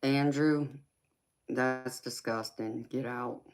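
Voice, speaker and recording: A woman chats casually with her livestream viewers. Her voice sits very low and she talks at an unhurried pace. She laughs often and calls people honey and sweetheart. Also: fairly even intonation. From United States. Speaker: livestream host.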